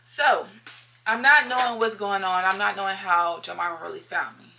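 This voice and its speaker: Bright-voiced woman telling a storytime. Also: mid-range voice, normal speed, vocal fry. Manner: emphatic, repeats lines for effect, talks straight to viewers. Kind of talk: casual storytime monologue.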